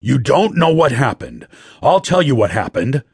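A furious older boss in a storybook, growling and shouting his scolding in a husky, pitched-up voice, as a man puts him on. His rebukes rise and fall with lively swings. The sound is dry and close. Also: fairly quick, dry recording. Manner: shouting, berating.

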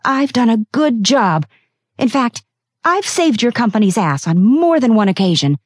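A fiery, defiant woman executive with an angry, forceful manner, as a female audiobook narrator reads her. She sounds close and dry, with no room around her. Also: on the high side, big pitch swings, moderate pace, breathy edge, dry recording, voice pushed up. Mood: furious.

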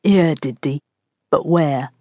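A woman narrator voicing a leering young male thug who speaks low, slow and threatening in an audiobook. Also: a little mellow, no room sound, clean studio sound.

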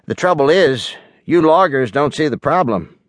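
A man's voice: mid-range voice, expressive, normal speed, a bit bright, dry recording, close to an everyday voice. An earnest science teacher, as a man puts him on lectures with an edgy, insistent tone. The recording is dry and close, with no room in it. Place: recording studio.

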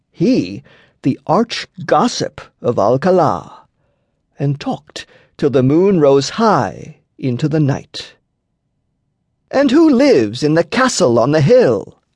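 A man narrating an audiobook story in an unhurried storytelling manner. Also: on the high side, gravelly, a little mellow, slightly rough, no echo. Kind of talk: scripted narration.

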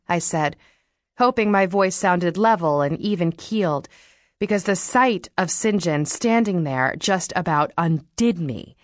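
A woman narrating an audiobook in the first person, reading in a wry, expressive way into a studio microphone. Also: fairly low pitch, dry recording.

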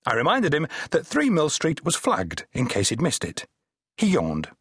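A man's voice: mid-range voice, big pitch swings, fairly quick, fairly bright tone, husky, no echo, clean studio sound, pitched above the performer's own voice. A man voicing a pompous, officious male police sergeant with a sarcastic manner, in an audiobook. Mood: prim, sarcastic.

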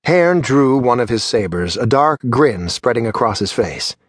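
A man reads a fantasy novel aloud in a measured, steady way, his voice sitting in an ordinary middle pitch. The recording is dry and close, with no room sound. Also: breathy edge, no room sound. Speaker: audiobook narrator. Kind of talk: scripted narration.

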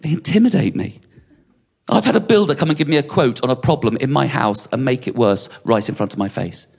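A middle-aged man performing stand-up comedy, telling self-mocking stories with quick asides to the audience. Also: medium pitch, animated, gravelly, a little mellow. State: sweating on stage. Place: comedy venue with a live audience.

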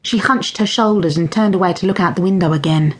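A woman narrating a children's audiobook with expressive storytelling. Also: fairly low pitch, a little fast, slightly rough. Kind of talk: scripted narration of a children's book.

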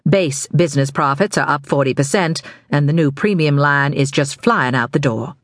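A woman's voice: deep voice, moderate pace, no room sound, close to an everyday voice. Ruthless crime boss, woman voicing, clipped and bossy, dry close audiobook sound. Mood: brisk.

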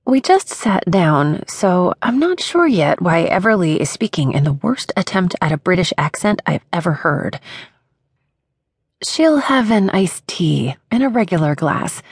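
Brief: wry first-person woman narrator, lively intonation, dry close-miked studio. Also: on the low side, vocal fry, husky, no room sound. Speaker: audiobook narrator. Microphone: close studio mic.

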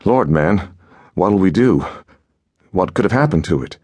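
A man's voice: low-pitched, expressive, measured pace, a little mellow, husky, dry recording, full character voice. A man reading an audiobook voices a worried adventurer father who talks earnestly and urgently. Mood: alarmed.

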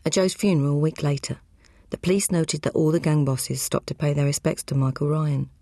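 A woman reading an audiobook crime novel aloud, brisk and matter-of-fact. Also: low voice, mellow, no room sound, studio quality. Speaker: audiobook narrator. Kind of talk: scripted narration.

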